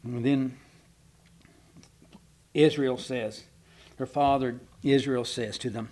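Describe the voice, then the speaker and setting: A man's voice: medium pitch, fairly even intonation, slow, long pauses, darkish tone. A man preaching a sermon, reading scripture aloud and stopping for casual asides. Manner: reads scripture aloud, breaking off for conversational asides.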